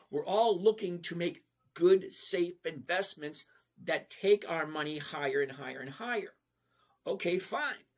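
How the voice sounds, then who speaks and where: Man in his 60s, husky voice, raised pitch, live Q&A host, talks straight to viewers. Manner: chatty, repetitive, addresses viewers by name. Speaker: stock trading livestream host. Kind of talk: live Q&A chat answering viewers.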